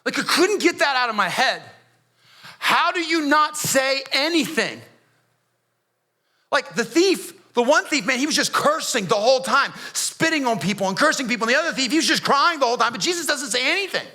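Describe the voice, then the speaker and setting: A man, a pastor, playing Barabbas in a dramatic first-person monologue, dropping to hushed near-whispers and rising to pleading outbursts, with sharp gasps between phrases. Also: very high voice, lively intonation, a little fast, full character voice. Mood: anguished, incredulous. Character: Barabbas, a grown man, haunted and shaken.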